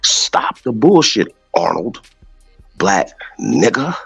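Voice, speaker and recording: A man's voice: on the low side, very animated, slow, vocal fry, fairly bright tone, breathy edge, dry recording, low-quality recording. A man hosting a live talk show, ranting in a heated, profane, emphatic way over faint music. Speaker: show host. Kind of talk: casual live show rant.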